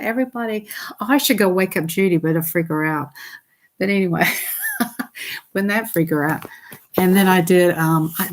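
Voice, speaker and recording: A woman, hosting a casual livestream from home at night on a desktop computer mic. She chats excitably with her viewers and laughs often. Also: on the low side. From Southern United States. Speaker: livestream host.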